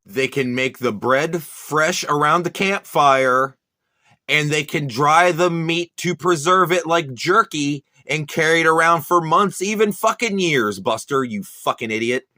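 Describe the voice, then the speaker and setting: Foul-mouthed, sneering man with a bright voice. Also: a little high, measured pace, no echo, studio quality. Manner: crude, sneering, heavy swearing. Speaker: podcast host reacting to a sermon clip. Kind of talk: profane mocking rant.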